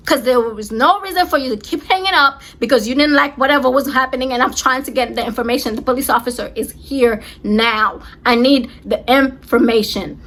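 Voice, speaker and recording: Young woman in her 20s venting a storytime, high voice, keeps repeating herself for emphasis. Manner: animated, emphatic retelling with many repeats. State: close to tears. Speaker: vlogger. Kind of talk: storytime vlog.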